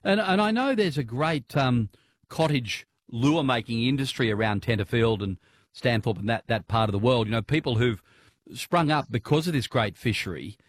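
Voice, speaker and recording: A man's voice: medium pitch, animated, moderate pace, dry recording. Australian male radio host, casual and chatty, dry close mic. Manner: chatty, laughs easily, lots of fillers.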